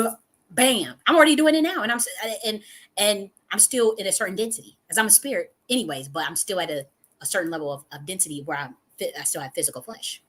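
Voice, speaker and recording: A woman's voice: mid-range voice, a bit bright, slightly rough. A woman, giving a heated, profane monologue full of repetition and sudden outbursts. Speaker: spiritual teacher and channel host. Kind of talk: impassioned monologue.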